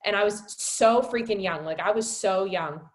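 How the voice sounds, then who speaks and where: A young woman in her twenties, a wellness coach telling her personal story on a webinar in an emotional, filler-heavy way, rising high and loud when she relives moments. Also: normal speed. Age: 20s.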